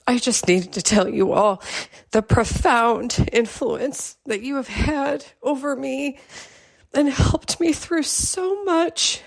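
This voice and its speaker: A middle-aged woman leaving a halting, heartfelt voicemail tribute as a caller. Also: mid-range voice, gravelly. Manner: halting, heartfelt, pauses with ums.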